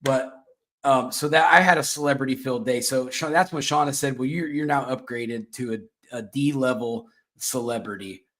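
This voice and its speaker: A man's voice: mid-range voice, normal speed, fairly bright tone. Rambling man hosting a chat show. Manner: rambling, filler-heavy and self-mocking. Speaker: show host.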